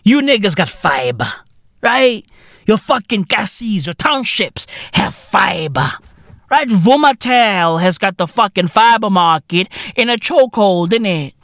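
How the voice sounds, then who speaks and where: Loud ranting South African man. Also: high-pitched, expressive, a little slow, no room sound, clean studio sound. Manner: profane, loud and mocking, often shouting. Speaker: podcast host. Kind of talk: comedic rant.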